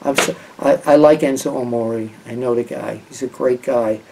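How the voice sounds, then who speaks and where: An older man talks casually through his wrestling picks, wandering and restarting with plenty of fillers. His voice is mellow and a little husky, and it sits some distance back from the mic. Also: medium pitch, steady tone, moderate pace. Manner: rambling, with many fillers and restarts. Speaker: wrestling journalist giving match picks. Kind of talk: casual talk to camera.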